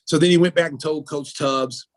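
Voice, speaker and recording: A middle-aged American man, a former basketball player turned announcer, telling stories in a casual interview and acting out the people in them. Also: normal speed. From United States. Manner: animated storyteller, acts out quoted people with jumps in pitch and loudness.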